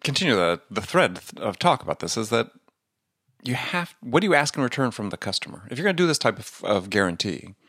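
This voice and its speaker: A man's voice: medium pitch, big pitch swings, fairly quick, fairly bright tone, no echo, studio quality. A man hosting a podcast, asking probing follow-up questions in a conversational way. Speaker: podcast host. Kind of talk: interview questions.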